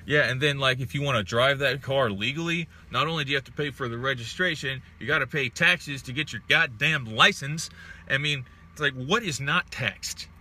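A man's voice: medium pitch, brisk, pushed and bright. A young man on a casual smoke-break vlog, ranting in exasperated, profane bursts and reading out chat comments. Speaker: vlogger reading live chat.

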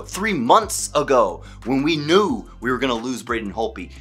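A man who is a hockey fan vlogger, giving an excited solo game recap, emphatic and stumbling over his words when worked up. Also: fairly high pitch, slightly rough.

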